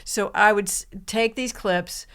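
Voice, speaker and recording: A woman in her fifties with a Southern US accent, a stand-up comedian chatting as a podcast guest, modest and soft-spoken. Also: mid-range voice, unhurried, smooth. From Georgia, US. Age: 50s. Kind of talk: casual chat.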